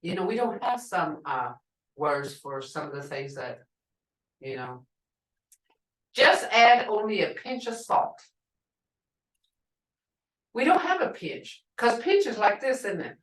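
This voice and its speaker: Lively woman teacher in an echoey room. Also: medium pitch, slow, pauses often. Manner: patient, explains word by word with examples. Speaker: language teacher. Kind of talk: classroom language lesson. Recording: roomy, distant mic.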